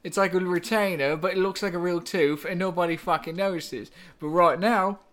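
A man's voice: sits high, steady tone, moderate pace, a bit bright. A man hosting a podcast in casual chat, telling stories in a crude, profane way. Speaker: podcast host.

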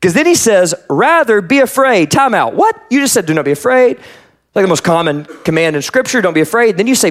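Male pastor, high-pitched, chatty sermon delivery that acts out the verses he quotes. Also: sing-song, fairly quick. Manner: conversational preaching, voices the scripture he quotes.

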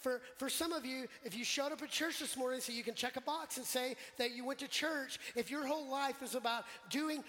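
High-voiced man preaching in an echoing church. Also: fairly quick, few pauses, pushed and bright. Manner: conversational, quizzes the congregation, jokes. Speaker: pastor. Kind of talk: sermon. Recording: long church hall reverb.

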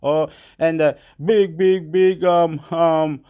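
A man from Chile, talking in a rambling, profane monologue in broken English that jumps between loud and soft. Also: fairly high pitch, takes it slowly, highs cut off. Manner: excitable, repetitive, swings loud and soft.

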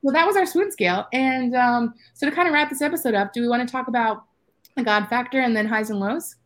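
A woman's voice: fairly high pitch, fast talker. A woman hosting a book podcast, reading short summaries aloud in a playful, amused way. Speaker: podcast host. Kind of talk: casual book-club chat.

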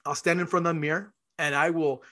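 A man's voice: on the high side, steady tone, fast, sharp tone. A man hosting an interview podcast who talks enthusiastically, rambles a little and acts out short scenes. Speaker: podcast host. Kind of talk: interview conversation.

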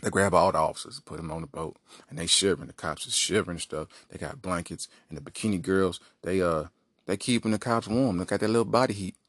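A man's voice: sits low, fast, a bit bright, dry recording, clean studio sound. A man hosting a podcast, telling a rambling comic story with lots of asides. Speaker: podcast host. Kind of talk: comedic monologue.

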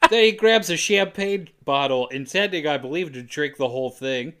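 A man's voice: on the high side, expressive, a little slow, fairly bright tone, smooth. Laughing man retelling a movie scene. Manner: laughing, profane, acting out characters' lines. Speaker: podcast co-host. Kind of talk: casual movie recap narration.

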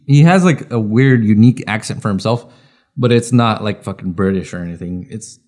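A man's voice: lowish voice, a little fast, a little mellow. A man co-hosting a podcast in casual chat, laid-back and cracking crude jokes. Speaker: podcast co-host.

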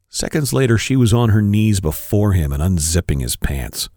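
A man with a low voice reads a story aloud for a podcast, his delivery rising and falling expressively. The mic is close and the sound is dry. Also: very animated, normal speed, mellow, dry recording. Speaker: podcast co-host. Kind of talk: reading an erotic story aloud.

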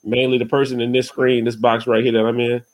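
A male podcast host talking in a loose, rambling, casual way, often tagging on "you know what I'm saying". His voice sits at an ordinary middle pitch and rises when he gets heated in a rant. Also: completely flat delivery, fairly quick.

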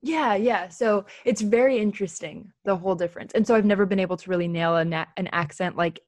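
A woman's voice: medium pitch, quick pace, a little mellow, dry recording. Chatty woman from California. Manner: chatty, laughs often, many fillers. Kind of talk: casual chat.

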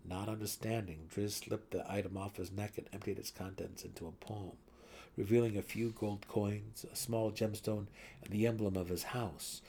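A man giving a dramatic reading of a fantasy novel, swelling louder and sinking to hushed tones, with a husky voice. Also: lowish voice, a little hiss or hum. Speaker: audiobook narrator.

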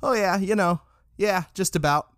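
A man's voice: high-pitched, moderate pace, a bit bright, no echo, voice pushed up. A laid-back young tomcat student, as a man reading a story plays him, talks in a casual, offhand and slangy way. His voice is plain and dry. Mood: joking. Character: young male cat student, easygoing and evasive.

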